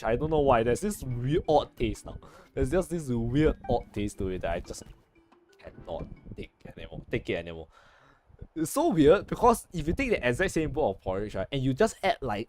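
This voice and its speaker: A young man chatting casually over gameplay, joking and correcting himself with many restarts. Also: medium pitch. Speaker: gaming streamer.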